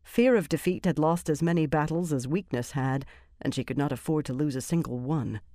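A woman narrating a fantasy audiobook in a measured, even storytelling manner. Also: low-pitched, no echo, studio quality.

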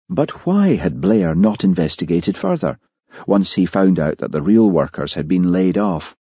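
A male audiobook narrator telling the story in a measured way. His voice is very low, dark and husky, with lively rises and falls. The recording is dry and dull. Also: no echo. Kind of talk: scripted narration.

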